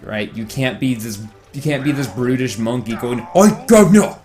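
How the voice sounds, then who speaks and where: A man's voice: medium pitch, moderate pace, a little mellow, faint music behind. A man casually commentating a video game with a friend, joking and swearing, now and then slipping into silly put-on voices. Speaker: let's play commentator.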